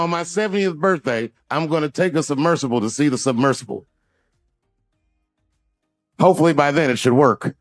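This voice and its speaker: A man's voice: fairly high pitch, brisk, pauses often, dry recording, faint music behind. A man in his fifties doing a stand-up routine, rambling through self-deprecating asides with frequent restarts. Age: 50s. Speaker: stand-up comedian.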